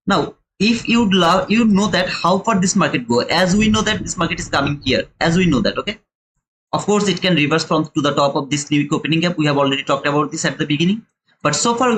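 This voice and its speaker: A man's voice: a little high, a bit bright, low-quality recording. A young man with a non-native English accent giving live trading commentary, chatty and repetitive as he walks viewers through a chart and calls them brother. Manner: explains chart step by step, repeats key points. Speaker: day-trading streamer.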